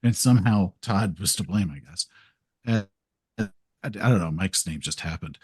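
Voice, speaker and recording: This podcast guest, a game video creator, has a deep, darkish voice with a breathy edge and speaks at normal speed. He rambles through self-deprecating stories, acting out his own lines, in studio-quality audio without echo.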